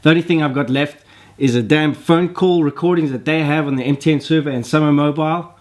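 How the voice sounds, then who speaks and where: A man's voice: a little high, fairly even intonation, brisk. A man, telling a frustrated story and acting out the dialogue with plenty of swearing. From South Africa. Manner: exasperated, swears, acts out quoted dialogue. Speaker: vlogger. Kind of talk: ranting complaint story.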